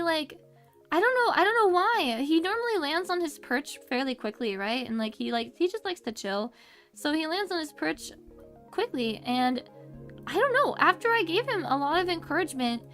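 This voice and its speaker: A young woman streaming casually, rambling and bubbly, breaking into baby-talk squeals and muttering counts under her breath as she plays. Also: high voice. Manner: mutters counts quietly while concentrating. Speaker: VTuber streamer. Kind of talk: casual livestream chat while gaming.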